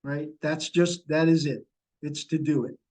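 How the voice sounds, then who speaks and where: A man's voice: fairly high pitch, fairly even intonation, unhurried, a little mellow, rough recording. A middle-aged man leading a sales training session over a video call, coaching and repeating key points. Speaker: real estate sales trainer.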